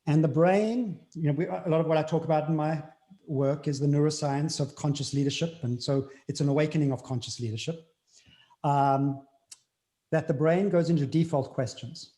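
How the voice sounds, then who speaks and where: A man with a South African accent talks as an interview guest, earnest and reflective. His voice sits fairly high for a man, and he often repeats his key phrases to drive them home. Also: fairly even intonation, normal speed, dark tone.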